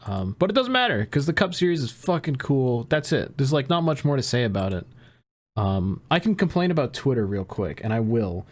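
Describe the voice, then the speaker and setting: A man's voice: mid-range voice, big pitch swings, brisk. Profane ranting man, podcast co-host. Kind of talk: casual podcast chat.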